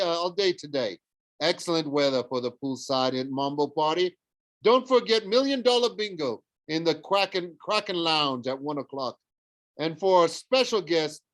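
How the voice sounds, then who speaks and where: A man's voice: fairly high pitch, fairly bright tone, voice pushed up. A man voicing an overly cheerful male cruise ship announcer. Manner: upbeat, chirpy announcements.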